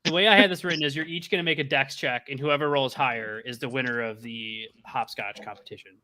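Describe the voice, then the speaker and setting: A man narrating as game master, halting and restarting, often laughing. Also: medium pitch, sharp tone.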